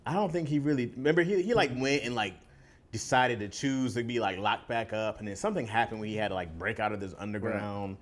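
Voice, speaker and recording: A man's voice: lowish voice, quick pace. A man co-hosting a podcast, chatting in a laid-back, slangy way and mimicking voices for laughs. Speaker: podcast co-host. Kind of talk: casual chat.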